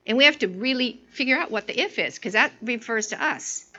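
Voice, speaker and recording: Bright, lively woman preaching a story. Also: sits high, a little fast, highs cut off. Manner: animated storytelling, lots of restarts and fillers. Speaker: women's ministry speaker. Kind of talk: informal sermon with personal story.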